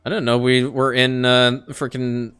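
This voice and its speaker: Excitable man narrating his gameplay. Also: mid-range voice, measured pace, clear, resonant tone. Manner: excitable, talks to game characters, laughs often. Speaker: gaming YouTuber. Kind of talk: casual let's-play commentary.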